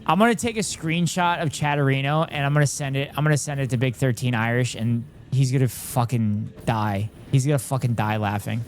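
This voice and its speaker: Male streamer in his thirties, mid-pitched, loose and chatty, joking at his own expense. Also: brisk, hardly any pauses, soft background music. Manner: chatty, reads chat aloud, self-deprecating. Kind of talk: casual live-stream chat.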